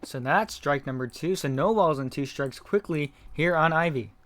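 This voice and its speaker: A man doing live play-by-play commentary of a game, reading chat messages between pitches, his voice not feeling well. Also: moderate pace, dry recording. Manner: reads chat messages between calls, gets loud on big hits.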